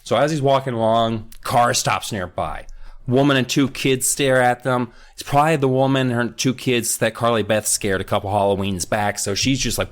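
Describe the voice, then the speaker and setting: A man's voice: medium pitch, steady tone, normal speed. A man co-hosting a podcast, chatting casually and joking while retelling a story. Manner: joking, playful retelling with crude put-on voices. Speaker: podcast co-host. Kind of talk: casual book recap chat.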